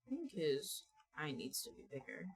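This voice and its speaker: A woman's voice: low-pitched, very animated, normal speed, husky. A young woman chatting casually and playfully on a live stream while she draws, talking to her viewers. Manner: playful and chatty, talks to chat and to her characters.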